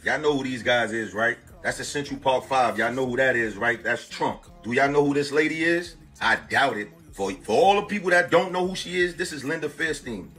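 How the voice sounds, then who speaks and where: A man's voice: mid-range voice, expressive, a little fast, few pauses, fairly bright tone, breathy edge, faint music behind. A man giving political commentary, lecturing and quizzing his audience.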